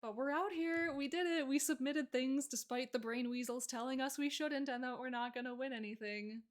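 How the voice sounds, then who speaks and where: A young woman with a fairly high voice chatting on her live stream. She rambles, with plenty of fillers and frequent giggles, and her tone stays casual and loose. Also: moderate pace.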